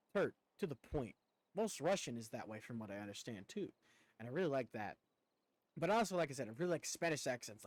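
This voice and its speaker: Male streamer from the United States, mid-pitched, rambling and casually profane, close dry sound. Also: no echo. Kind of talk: casual live-stream chat.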